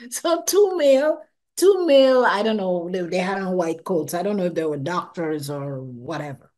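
An older woman, a guest in an interview, recounts her near-death experience in animated fashion, acting out her own past thoughts, laughing often and repeating words. Her voice is on the low side and she speaks at normal speed.

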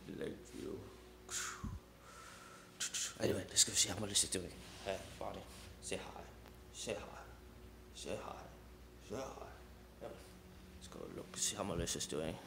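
A man's voice: sits low, moderate pace, gravelly, long pauses. A man filming a casual vlog at home, chatting to viewers and calling his dogs. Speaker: vlogger. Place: at home, then in a garage. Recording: noisy home video.

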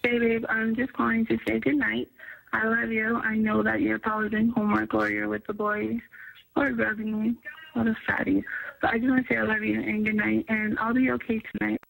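A man's voice: high-pitched, completely flat delivery, fairly quick, gravelly, a bit bright, exaggerated voice, poor audio. A man putting on a young woman's voice, reading a loving goodnight voicemail. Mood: tender. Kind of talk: voicemail read aloud.

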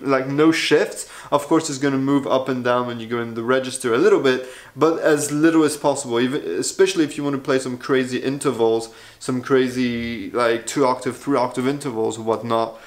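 A man talking through a casual video review as a trombone player, chatty, frank and self-deprecating. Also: medium pitch.

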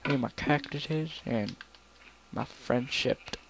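A young man plays through a game as a let's player, rambling casually and now and then breaking into song snippets. His mid-range voice moves slowly with vocal fry, over slight background noise.

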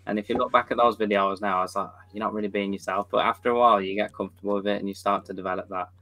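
Low, flat-voiced young man, dry sound. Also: very fast, dry recording. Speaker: podcast guest. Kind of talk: casual podcast chat.

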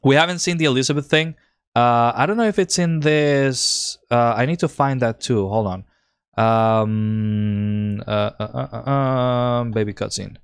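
Male streamer, excited and rambling, clear voice, dry close mic. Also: medium pitch, measured pace, no room sound. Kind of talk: live-stream commentary.

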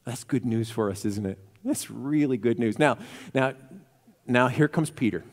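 A male pastor preaching a sermon in a church, telling the story with animated energy and acting out the quotes. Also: medium pitch, moderate pace. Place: church sanctuary. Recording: reverberant church hall.

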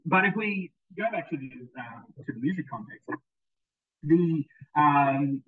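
A man's voice: mid-range voice, breathy edge. A male music teacher giving a recorded presentation, enthusiastic, with frequent ums and repeated words. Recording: tinny phone-like sound, distant mic.

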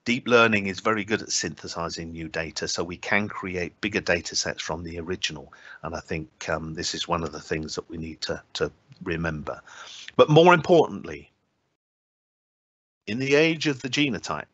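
A low-pitched man with a bright, forceful edge gives an online academic talk, pausing often on filler sounds and slipping in dry jokes. The sound is dry and close, a little muffled. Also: no echo. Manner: hesitant, many filler sounds and restarts, dry humour. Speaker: invited speaker at a scientific symposium.

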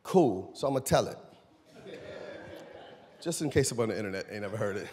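A man pastor preaching a sermon in a church, animated and conversational, questioning his congregation. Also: lowish voice, fairly quick. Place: church sanctuary. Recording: long church hall reverb.

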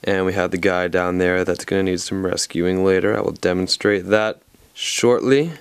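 Joking Southern American man, smooth low voice. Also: steady tone, moderate pace, no room sound. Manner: rambling, jokey, playful asides. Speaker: toy reviewer. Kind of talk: casual video review.

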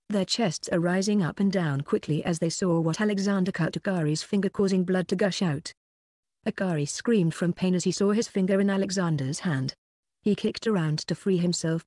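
An audiobook narrator reading a novel in a steady, even way. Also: mid-range voice, dry recording, studio quality. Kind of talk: scripted narration.

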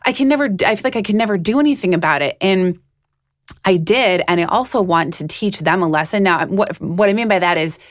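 Heated, animated woman podcast co-host. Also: lowish voice, a little fast, dry recording, clean studio sound. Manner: animated storytelling, heated and frank. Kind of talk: casual chat.

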